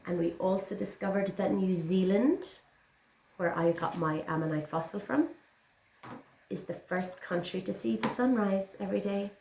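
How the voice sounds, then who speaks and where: A woman's voice: mid-range voice, normal speed, vocal fry, dark tone, a little hiss or hum. A woman teaching young children, encouraging and sing-song as she reads a picture book aloud. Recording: roomy echo.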